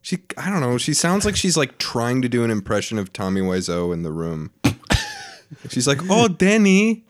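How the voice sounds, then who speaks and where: A man's voice: medium pitch, normal speed. A man co-hosting a casual podcast chat, joking about himself. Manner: self-deprecating, animated. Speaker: podcast co-host.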